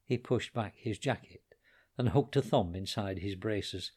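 A man reading a story aloud in a quiet, measured way. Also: fairly low pitch, breathy edge. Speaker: reader. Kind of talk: storytelling narration.

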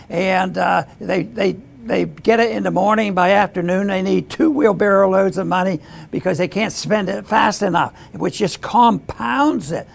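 An older man hosting an economics talk, speaking haltingly with restarts and throat clearing. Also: high voice. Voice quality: gravelly, husky. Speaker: host. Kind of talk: economics commentary.

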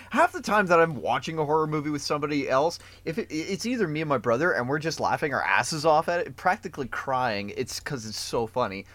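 A man co-hosting a podcast, talking in a lively, swooping voice. His tone is bright and forward, a little higher than most men, and he likes to mock and ham things up. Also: fairly quick, no room sound. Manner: animated, mocking, acts out scenes with loud voices. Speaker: podcast co-host. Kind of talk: casual chat.

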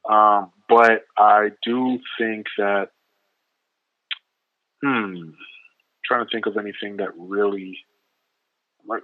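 A man's voice: fairly low pitch, steady tone, slow pace, pauses often, dry recording. A Canadian man with a Canadian accent, a rapper talking as a guest in a casual interview and rambling easily with lots of fillers. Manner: easygoing, rambling with many fillers. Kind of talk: casual interview over the phone. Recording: tinny dry phone line.

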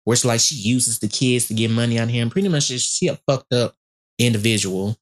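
A woman's voice: rumbling low, a little fast. A woman co-hosting a podcast, recapping gossip in a sassy, profane way while talking around a dental retainer. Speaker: podcast co-host.

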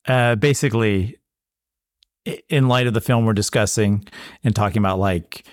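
A man's voice: on the low side, moderate pace, dry recording, clean studio sound. Playful stammering man on a podcast. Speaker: podcast co-host. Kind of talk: casual film-review chat.

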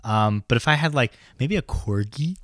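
A man's voice: medium pitch, expressive, moderate pace, fairly bright tone, no echo, studio quality. A man co-hosting a casual podcast, playful and teasing. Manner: playful, teasing, laughs easily. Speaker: podcast co-host.

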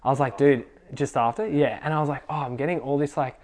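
A young man telling a faith testimony at a casual youth gathering, excitable and full of fillers. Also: mid-range voice, fast. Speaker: youth group speaker.

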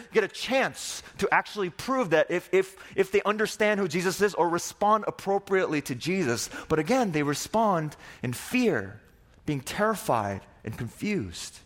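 A young man preaching a sermon, telling stories dramatically and acting out the people in them. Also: fairly high pitch. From Korea. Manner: dramatic, acts out voices of disciples and Jesus. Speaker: pastor.

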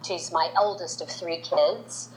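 A woman in her forties with a slightly low voice tells a story in an interview. She is animated, jumping up higher whenever she acts out what someone said. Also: slow pace, slight background noise, rough recording. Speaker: makeup artist, guest.

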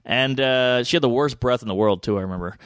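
A man telling a crude story in casual chat, animated and acting out the voices of the people in it. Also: medium pitch, fast. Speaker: comedian guest.

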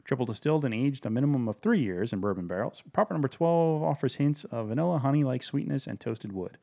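A man's voice: medium pitch, expressive, fast, vocal fry, mellow. A man co-hosting a casual whiskey tasting chat, joking and sarcastic, swearing freely. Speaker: podcast co-host.

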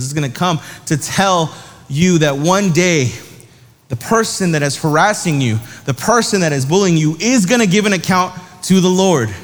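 A young man preaches to students with a slightly high voice. He talks like he is telling a story to friends, full of slang, and acts out the other people's voices. His voice rings with a long reverb, as in a large hall. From South Dakota. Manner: casual storytelling with slang, acting out voices in anecdotes. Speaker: youth pastor. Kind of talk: sermon.

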